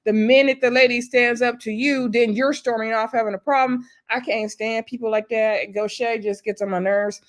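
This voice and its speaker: A woman's voice: fairly high pitch, steady tone, normal speed, hardly any pauses. A chatty woman, casually recapping a reality show episode. She laughs often and acts out the cast members' lines.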